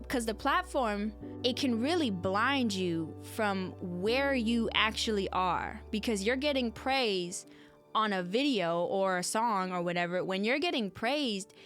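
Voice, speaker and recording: A woman hosting a podcast, talking earnestly and conversationally and often turning to address her listeners directly. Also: mid-range voice. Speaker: podcast host. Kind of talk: reflective solo podcast talk.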